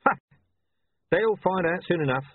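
A man voicing a blunt, irritable middle-aged watch commander who talks in a sharp, demanding way. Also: sits high, animated, measured pace, husky, no echo, pitched above the performer's own voice, heavily acted. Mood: curt. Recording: tinny, dry, phone-like sound.

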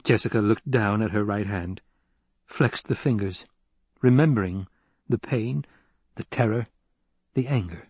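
Male audiobook narrator, husky and measured, dry close recording. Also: lowish voice, a little mellow, no echo. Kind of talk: scripted narration.

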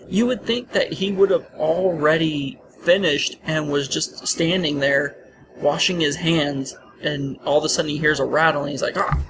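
A man co-hosting a podcast in casual chat, talking haltingly with frequent stammers. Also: a little high. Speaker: podcast co-host. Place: hotel lobby. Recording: noisy lobby ambience.

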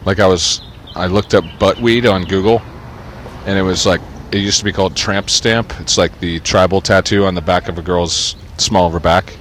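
A man's voice: low-pitched, steady tone, moderate pace, a bit bright, slight background noise, rough recording. A man talking casually outdoors in a rambling, sarcastic way, swearing often as he comments on a book he reads from. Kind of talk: casual profane rant while reading a book aloud.

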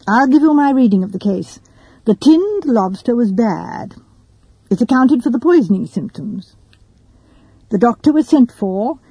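A woman voicing a young man laying out a theory slowly and deliberately. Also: fairly high pitch, dark tone, slightly rough, no echo, poor audio. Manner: slow, deliberate explaining.

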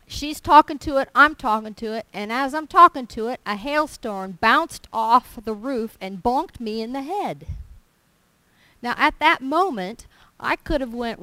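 A woman's voice: on the high side, measured pace, no echo, low-quality recording. A woman giving a testimony sermon, telling stories with emphasis and acting out dialogue. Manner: animated storyteller, emphatic, acts out dialogue. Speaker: church speaker giving testimony.

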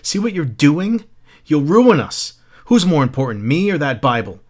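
Shrill anxious wife, pitched up and loud, man doing her voice. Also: animated, fairly quick, close to an everyday voice. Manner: shrill, pleading.

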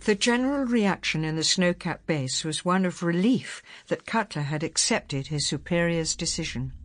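A woman narrating an audiobook with an expressive, varied reading. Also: fairly low pitch, normal speed.

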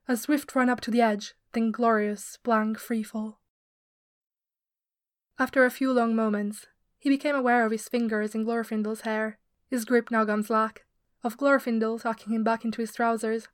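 A woman's voice: fairly high pitch, no room sound. Woman reading a story, dry close sound. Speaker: podfic reader. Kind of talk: scripted story narration.

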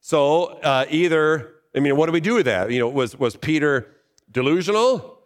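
A man's voice: fairly high pitch, animated, normal speed, big-room sound. A male pastor giving a sermon in a conversational way, asking his listeners questions. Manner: conversational preaching with rhetorical questions.

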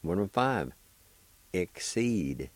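Slow, deep-voiced man teaching words. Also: very animated, no room sound, poor audio. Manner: slow and deliberate, spells and repeats each word; gently encouraging to beginners. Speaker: radio host teaching a language. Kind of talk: radio language lesson.

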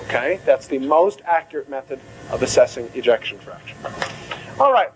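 A man giving a medical lecture to a class in an animated, theatrical way, acting out confused students. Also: medium pitch, moderate pace, slight background noise, poor audio.

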